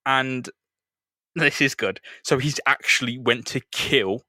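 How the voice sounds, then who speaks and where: A man co-hosting a laid-back comic book chat, with a joking, sweary delivery. His voice sits at an ordinary middle pitch, and the sound is dry and close. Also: takes it slowly, bright, forceful tone, no room sound. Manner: jokey, sweary, puts on silly villain voices. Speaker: podcast co-host.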